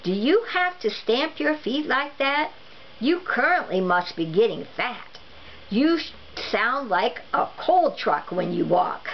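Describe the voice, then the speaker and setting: A woman voicing an irritable middle-aged husband whose hearing has become painfully sharp, loud and complaining, in a storybook read-aloud. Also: a little high, sing-song, slow, heavily acted. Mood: grumpy. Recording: dull lo-fi recording with faint noise.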